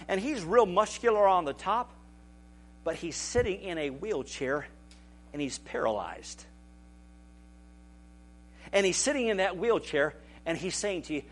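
A man preaching a sermon as pastor, animated and building to shouts. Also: sits high, a little hiss or hum.

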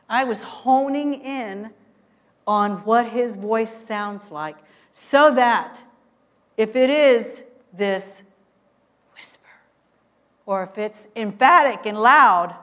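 A middle-aged woman preaching a sermon, telling a story and urging listeners with emphatic swings in loudness. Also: mid-range voice.

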